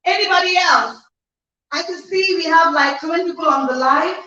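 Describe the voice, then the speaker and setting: A Nigerian woman hosting an online conference livestream, energetic and emphatic, repeating phrases and reading out viewers' comments. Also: very high voice, normal speed. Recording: echoey distant lo-fi livestream audio.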